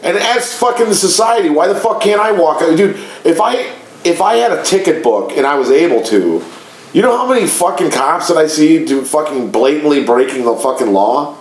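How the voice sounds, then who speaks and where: Male podcast co-host: raised-pitch, heated, foul-mouthed storyteller, echoey room. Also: expressive, moderate pace. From Chicago area. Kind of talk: casual podcast chat.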